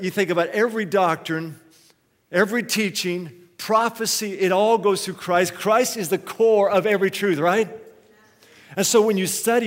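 A man preaching a sermon, telling a story and putting questions to the congregation. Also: sits high. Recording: long hall reverb.

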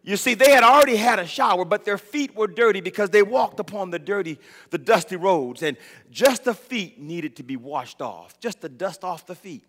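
Bright-voiced preacher in a ringing hall. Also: male voice, high voice, lively intonation, moderate pace. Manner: dramatic storytelling, swelling to shouts. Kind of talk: sermon. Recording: long reverb of a large hall.

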